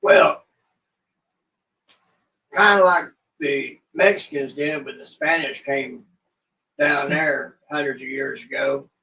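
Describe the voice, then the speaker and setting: A man co-hosting a casual live-stream chat, joking and quick to get fired up. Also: mid-range voice, steady tone, vocal fry, pushed and bright, recorded from a distance, low-quality recording. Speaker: co-host. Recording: heard from away from the mic.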